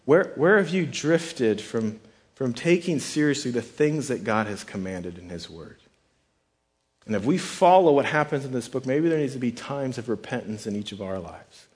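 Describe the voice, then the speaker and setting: A man's voice: mid-range voice, expressive, moderate pace. Conversational male preacher. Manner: conversational preaching with repeated restarts and acted-out quotes. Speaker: pastor. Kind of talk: sermon.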